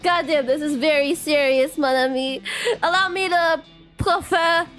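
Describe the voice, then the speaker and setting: A portly, dapper gentleman detective with an over-the-top French accent, played by a woman streamer. He is pompous and theatrical, a hammy character from a video game. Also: sits high, measured pace, soft background music. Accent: fake French.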